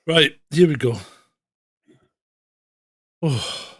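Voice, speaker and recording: A man's voice: fairly high pitch, extremely slow, a bit bright, no echo. A man co-hosting a livestream news roundup, talking bluntly and sarcastically, swearing and laughing at his own jokes. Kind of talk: casual sarcastic banter.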